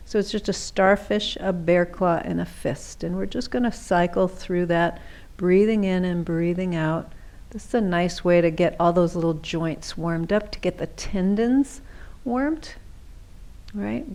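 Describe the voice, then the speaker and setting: A middle-aged woman leading a seated yoga class, giving gentle, chatty cues and often checking in with "right?". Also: mid-range voice. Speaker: chair yoga instructor.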